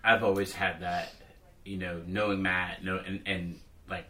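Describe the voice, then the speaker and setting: A man's voice: low voice, little pitch movement, unhurried, sharp tone. A man guest on a podcast telling a rambling story in casual chat. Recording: echoey room, off-mic.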